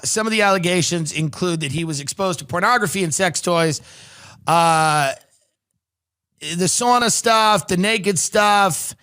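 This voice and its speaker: Bright, high-voiced sardonic male podcast host. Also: clean tone. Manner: sardonic, reads news articles aloud and riffs on them. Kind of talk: comedic commentary.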